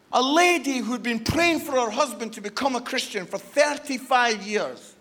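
A man preaching in a strikingly high, bright, forceful voice. He delivers a passionate sermon, sinking to hushed near-whispers and then building to shouts. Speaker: guest preacher. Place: church service.

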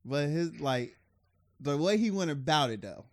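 A man's voice: a little high, expressive, unhurried, no room sound, clean studio sound. A man co-hosting a podcast in casual chat, swearing freely, laughing often and restarting his sentences. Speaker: podcast co-host.

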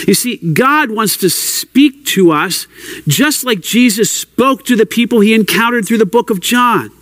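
Earnest male preacher with a high voice, pleading tone, dry recording. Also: no room sound. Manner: earnest, pleading, prays aloud. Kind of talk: sermon teaching.

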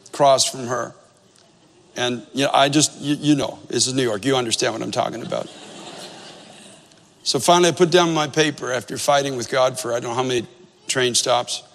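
A man's voice: on the high side, a bit bright, a little hiss or hum. Man preaching in a reverberant hall. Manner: conversational, self-deprecating humor, repeats phrases. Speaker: pastor. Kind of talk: sermon storytelling.

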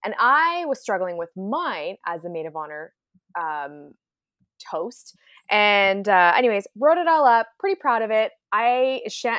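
A woman co-hosting a wedding podcast, telling a story in casual chat, giggling and animated. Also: medium pitch, normal speed, dry recording, studio quality. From Canada. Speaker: podcast co-host.

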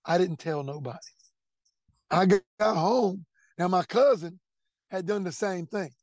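A man's voice: high-pitched, a little slow, a little mellow, no echo. A middle-aged man, earnestly telling his faith testimony and repeating words as he goes. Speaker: testimony speaker. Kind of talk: personal testimony storytelling.

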